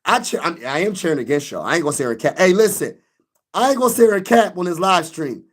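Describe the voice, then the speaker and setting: A man's voice: high-pitched, animated, quick pace. A young man hosting a sports live stream, venting loosely in slang and talking back to his chat.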